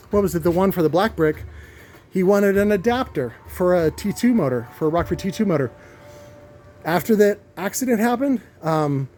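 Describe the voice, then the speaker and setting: A man's voice: a little high, dark tone. A man in his warehouse workshop, rambling in a casual vlog rant, swearing freely and full of fillers and restarts. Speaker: car audio subwoofer builder.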